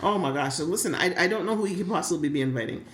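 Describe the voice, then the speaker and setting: Woman, soap recap co-host, chatty and sassy, lower voice, roomy echo. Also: very fast. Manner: animated, laughing, sassy storytelling. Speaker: podcast co-host. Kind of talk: casual soap recap chat.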